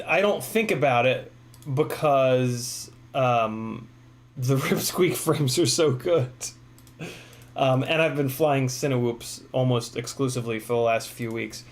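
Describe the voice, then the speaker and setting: A man hosting a casual live stream, rambling with many fillers, reading chat messages aloud, a bit hoarse from talking. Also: mid-range voice. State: losing his voice. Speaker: livestream host.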